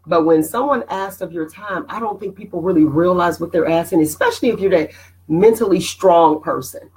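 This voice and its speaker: Lively motivational woman host. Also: lowish voice, brisk, poor audio. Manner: animated, preachy, addresses viewers by name. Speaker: host of a motivational live stream. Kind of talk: casual motivational talk.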